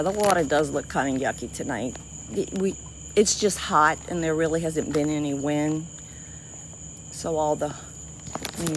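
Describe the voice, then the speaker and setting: Deep-voiced and heard over a noisy background, this Cajun-accented South Louisiana woman hosts a livestream outdoors by a swamp river at night. She chats casually with viewers, laughs readily, and peppers her talk with restarts and "y'all."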